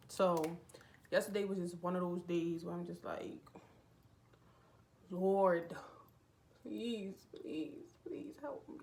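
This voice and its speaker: This young woman vlogger talks openly indoors at a relative's home, her low voice carrying a little hiss or hum. She's rambling and sincere, with many filler words, in a casual confessional chat.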